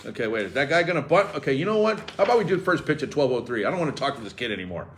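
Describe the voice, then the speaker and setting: A man's voice: mid-range voice, rapid-fire, slight background noise. A man hosting a sports radio show, riffing and joking sarcastically in casual banter. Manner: animated, sarcastic, riffing jokes. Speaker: radio host.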